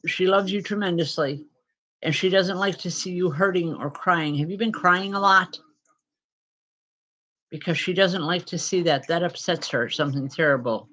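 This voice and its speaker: A woman spiritual medium giving live-stream spirit readings to viewers, speaking in a gentle, reassuring way with pauses and fillers. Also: lowish voice, poor audio.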